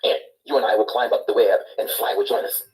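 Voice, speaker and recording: A man voicing Anansi, a tiny, clever, boastful male spider in a storybook reading, with an eager, squeaky manner. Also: fast, a little mellow, natural voice.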